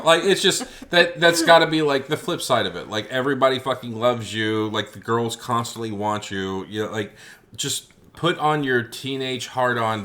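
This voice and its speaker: A man in mid-range pitch co-hosting a loose movie chat. He rambles through restarts and drops casual swears as he thinks out loud. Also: moderate pace. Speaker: co-host.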